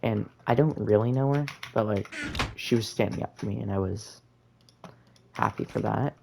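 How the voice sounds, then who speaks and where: A man's voice: fairly low pitch, moderate pace, gravelly, noisy background. A young man casually telling a rambling, laid-back story over gameplay, full of fillers and slang. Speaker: gaming storyteller.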